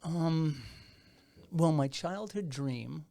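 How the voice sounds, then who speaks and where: Speaking extremely slowly in a fairly high, creaky, dark voice, a fifties-aged man hosts a podcast. His studio-mic chat is loose and playful, full of jokes and frequent laughter.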